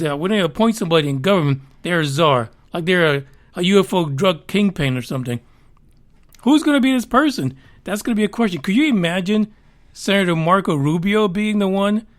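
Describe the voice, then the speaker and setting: A man hosting a podcast, reacting to news in casual commentary that is sarcastic, profane and animated. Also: high voice. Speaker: podcast host.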